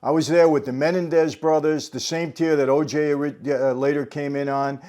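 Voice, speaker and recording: A man's voice: on the high side, flat delivery, brisk, warm tone. A man hosting a sit-down interview, talking casually and speaking directly to viewers. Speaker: host. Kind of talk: conversational interview.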